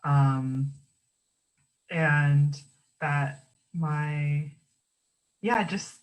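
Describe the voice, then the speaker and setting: A young adult panelist speaking in a halting, heartfelt way with many fillers, over a video call. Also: male voice, on the high side, low-quality recording. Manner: warm, halting, many fillers, gets emotional and laughs. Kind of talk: panel discussion.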